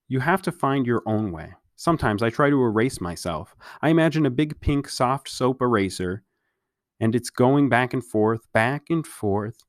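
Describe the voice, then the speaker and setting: A man reading aloud and voicing a dreamy, whimsical teenage girl who speaks softly and slowly. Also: mid-range voice, no echo, clean studio sound, close to an everyday voice.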